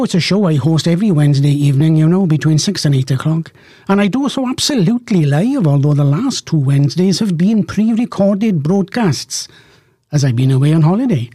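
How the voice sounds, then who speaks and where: A man's voice: fairly high pitch, lively intonation, brisk, dark tone, no room sound. A man presenting a live radio show in a studio, chatting jovially with rambling, self-mocking asides. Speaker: radio host. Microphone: studio microphone.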